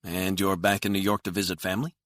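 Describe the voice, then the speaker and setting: A man's voice: deep voice, little pitch movement, fast, fairly bright tone, no room sound, voice pushed up. A man voicing a friendly wife and mother who asks curious questions over dinner, his voice raised well above his own. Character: woman, a warm suburban wife and mother.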